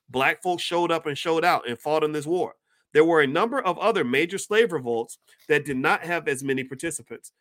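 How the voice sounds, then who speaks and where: A man reading passages from a book aloud and breaking off into animated commentary, sometimes stumbling over words. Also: a little high. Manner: reads passages then breaks off into animated asides.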